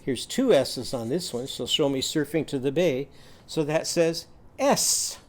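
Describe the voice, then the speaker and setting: A man's voice: a little high, animated, unhurried. A man demonstrating a reading lesson, with an upbeat, sing-song teaching manner, sounding out letters and cheering.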